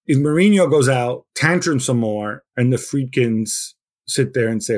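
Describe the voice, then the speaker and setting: A man giving opinions as a football pundit in a casual podcast discussion, animated and thinking aloud. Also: mid-range voice, unhurried.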